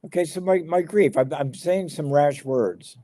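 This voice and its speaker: A man with a fairly high but mellow voice walks listeners through scripture in a relaxed, conversational way. He often restates the text in the first person, starts over mid-phrase, and checks in with the group. The sound is dry and close. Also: a little slow, dry recording. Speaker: Bible teacher. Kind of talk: verse-by-verse Bible study talk.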